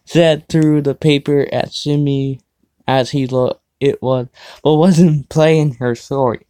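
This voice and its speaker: A man's voice: medium pitch, steady tone, slow, warm tone, clear, resonant tone, dry recording. A man hosting his own show, casually reading fan fiction aloud, stumbling over the text and breaking off for sarcastic asides. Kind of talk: casual dramatic reading with commentary.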